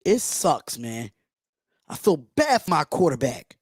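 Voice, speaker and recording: A livestream host reacts live as an emotional fan, speaking with passion and bluntness and swearing often. His fairly high voice is husky, very animated and a little slow, and the recording is dry with clean studio sound.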